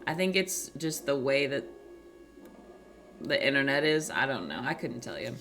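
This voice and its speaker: A young woman hosting a livestream, chatting casually with viewers in a soft, quiet morning voice into a small desk microphone. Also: a bass voice, very animated, normal speed, creaky, soft background music. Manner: soft-spoken, chatty, reading out chat messages. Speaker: livestream host. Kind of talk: casual chat with stream viewers.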